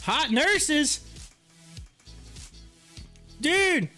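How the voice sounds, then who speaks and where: A man with a very high, bright voice tells a story to his livestream chat. He talks casually, breaks into laughter often and acts out what his friends said. Faint music plays behind him. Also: extremely slow. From rural area. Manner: animated, laughing often, acting out quotes. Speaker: livestream host.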